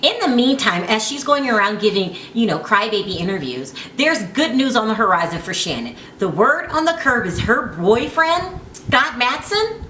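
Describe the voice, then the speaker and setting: Chatty opinionated woman, bright echoey sound. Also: on the high side, moderate pace. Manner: chatty, opinionated, animated asides. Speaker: vlogger. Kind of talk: casual gossip commentary to camera. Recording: echoey room with faint ambient noise.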